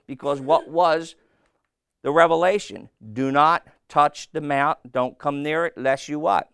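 A man's voice: a little high, creaky, fairly bright tone, clean tone, no echo, studio quality. A man preaching a sermon, asking his congregation questions and answering them himself. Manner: slow, call-and-response questions to the congregation.

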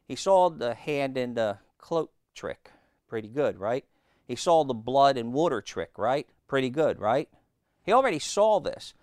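A man's voice: mid-range voice, sing-song, unhurried, darkish tone, no echo. A man preaching a conversational sermon in a plainspoken, folksy way, often turning to the listeners with rhetorical questions.

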